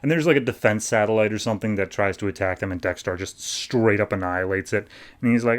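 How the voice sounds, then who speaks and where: A fast-talking man with a fairly low voice hosts a podcast recapping and reviewing comics. His talk is loose and chatty, heavy on fillers, especially "like."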